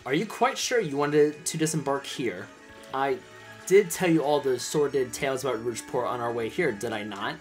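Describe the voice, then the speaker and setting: A man's voice: mid-range voice, normal speed, faint music behind, close to an everyday voice. A man voicing a polite, nervous male ship sailor in a game, courteous and fretful.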